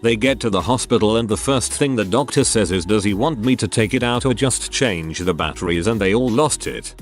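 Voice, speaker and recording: A man's voice: fairly low pitch, a little fast, soft background music. A man reading out online posts in a dry, matter-of-fact way, adding wry asides of his own. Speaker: narrator reading Reddit posts. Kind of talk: casual narration of online stories.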